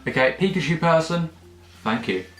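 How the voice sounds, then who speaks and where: A young man vlogging in a casual, jokey, excitable way, swearing freely. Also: on the high side, moderate pace. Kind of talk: casual direct-to-camera chat. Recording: echoey room, faint music.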